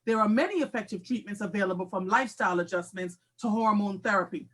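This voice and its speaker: A woman in her forties hosting a live talk show, telling a candid, animated personal story with frequent laughter. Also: medium pitch, fast. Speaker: host.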